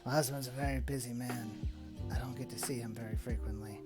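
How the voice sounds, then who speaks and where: A man voicing a shaken, secretive woman who speaks haltingly. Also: mid-range voice, fairly even intonation, over loud music, natural voice. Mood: uneasy. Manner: halting, hesitant delivery. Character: shaken middle-aged woman, secretive and uneasy.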